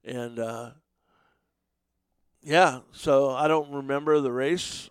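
A middle-aged man casually telling animated, profane stories in a podcast chat, sometimes shouting. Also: mid-range voice, slow pace, smooth, dry recording. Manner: animated, swears freely, shouts when acting out others.

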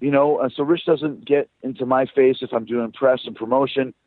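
A man's voice: medium pitch, steady tone, normal speed, no room sound. A man, a rock band frontman, chatting loosely as a guest in a phone interview, swearing and storytelling. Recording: tinny dry phone line.

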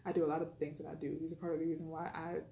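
Fast-talking woman, echoey room. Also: sits low, little pitch movement, gravelly, mellow. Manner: chatty, retells dialogue, frequent fillers. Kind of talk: personal storytelling.

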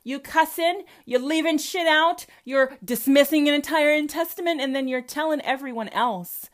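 A woman's voice: high-pitched, normal speed, few pauses. A woman with a Southern American accent delivering a combative, profanity-laced rant full of rhetorical questions. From Southern United States. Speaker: commentator. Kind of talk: profane religious rant to camera.

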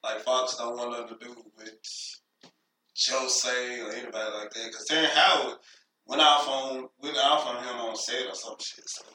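A young man with a Memphis accent in casual, profane chat, swinging from loud outbursts to low mutters. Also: fairly even intonation, normal speed, a little hiss or hum. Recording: echoey room, voice from a distance.

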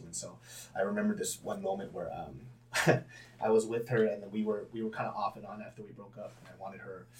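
A young man with a fairly low voice talks through his own past in a relaxed interview. He is candid and swears freely, and he breaks into big bursts of laughter. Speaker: podcast guest, comedian. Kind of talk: casual storytelling interview.

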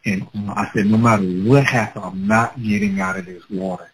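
A man with children telling a personal story in a casual, animated way, acting out his own past words with laughter. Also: lowish voice, fairly quick, vocal fry, a little hiss or hum, rough recording. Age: adult with children.

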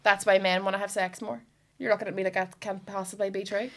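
A woman's voice: mid-range voice, flat delivery, fast. A woman, a young mother, chatting candidly in a casual podcast, giggling and swearing freely.

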